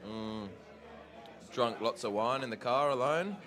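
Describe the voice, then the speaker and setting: A man giving clipped, low-key replies in a casual chat. A noisy crowd chatters around him. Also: unhurried. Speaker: comedy contestant. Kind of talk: casual interview. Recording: crowd noise behind.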